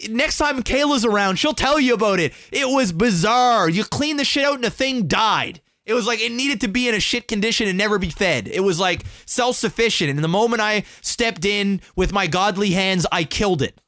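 A man co-hosting a podcast, telling a long story in casual chat, swearing freely and jumping up in pitch when excited. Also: moderate pace, few pauses, no echo, studio quality. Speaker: podcast co-host.

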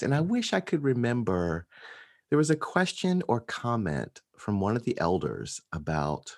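A man who is a pastor, talking thoughtfully about his sermon in a casual conversation, pausing often with ums and lifting his voice on key points. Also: medium pitch. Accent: African American. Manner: thoughtful, pausing with many ums, rising with emphasis.

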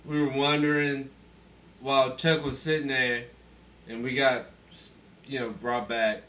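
A man's voice: mid-range voice, little pitch movement, unhurried, fairly bright tone, recorded from a distance. A man co-hosting a podcast in drunk, rambling, laughing banter. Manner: laid-back, rambling, laughing. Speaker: podcast co-host.

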